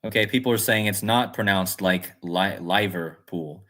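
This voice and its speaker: A man's voice: on the low side, moderate pace, pushed and bright. Man musing aloud on a livestream. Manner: rambling, musing aloud, reads chat comments. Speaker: livestream host. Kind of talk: casual livestream talk.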